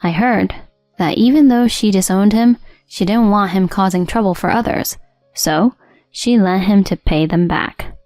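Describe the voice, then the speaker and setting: A woman narrating a first-person story in a cold, steady, matter-of-fact way. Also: mid-range voice, a little slow, no room sound. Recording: dry studio voice-over with soft music.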